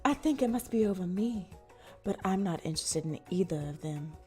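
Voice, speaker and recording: A woman's voice: on the low side, expressive, brisk, mellow, faint music behind, close to an everyday voice. A woman playing a swooning, theatrical student.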